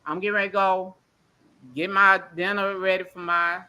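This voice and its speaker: A woman's voice: medium pitch, little pitch movement, normal speed, bright, forceful tone, smooth. A woman calling in to a livestream, emotional and ranting bluntly with plenty of swearing. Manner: blunt, profane, rambling. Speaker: caller on a livestream. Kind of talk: emotional call-in rant.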